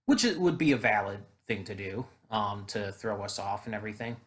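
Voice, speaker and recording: A man's voice: lowish voice, lively intonation, brisk, fairly bright tone. Chatty man rambling through a reaction intro. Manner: chatty, rambling, frequent fillers and restarts. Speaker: anime reaction YouTuber. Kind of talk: casual reaction commentary.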